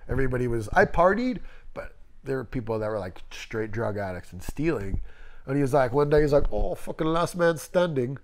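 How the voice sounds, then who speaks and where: A Las Vegas tattoo artist in his thirties shares candid, emotional stories in a casual interview, swearing freely. His voice is medium-pitched and expressive, and he talks fairly quickly.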